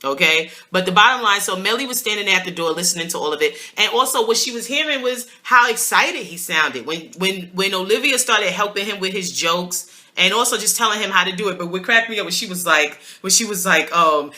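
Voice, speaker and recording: A woman's voice: medium pitch, brisk. A woman with a New York accent hosting a casual TV recap, opinionated and slangy. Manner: opinionated, slangy, animated with laughs. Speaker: TV review host.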